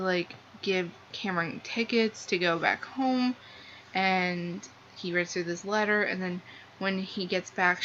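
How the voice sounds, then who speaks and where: Rambling and gushing about a book, with "like" in nearly every phrase, this young woman speaks in a medium-pitched voice that's bright and forceful. The audio is lo-fi, a bit dull, with faint noise underneath.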